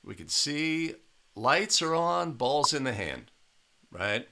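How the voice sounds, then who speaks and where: A man with a bright, forceful voice breaks down a game clip for basketball referees. His tone is emphatic and coaching, and he keeps checking in with "right?" He sits at a desk mic in a small room. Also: on the high side, big pitch swings, takes it slowly, creaky. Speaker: basketball officiating instructor. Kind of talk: video analysis commentary.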